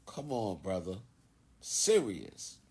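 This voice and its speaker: Speaking extremely slowly with a lowish, slightly mellow, breathy voice and huge pitch swings, a Philadelphia-accented man hosts a phone livestream, swaggering and preaching to viewers in a loose, profane, casual monologue.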